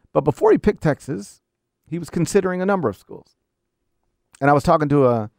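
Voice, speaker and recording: Gravelly man arguing a sports point. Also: medium pitch, a little mellow, dry recording, studio quality. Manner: emphatic, argumentative, repeats rhetorical questions. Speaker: college basketball commentator. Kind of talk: opinion commentary monologue.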